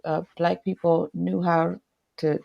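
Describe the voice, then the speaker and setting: A woman guest in a casual discussion, earnestly explaining things with halting restarts. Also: on the low side, level tone, vocal fry, highs cut off.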